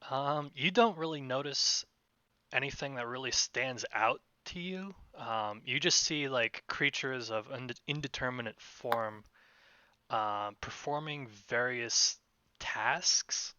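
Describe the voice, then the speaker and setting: A man's voice: mid-range voice, slow, bright, forceful tone, smooth, no room sound, muffled recording. A man running a tabletop game as game master, describing scenes with many fillers and a slight lilt.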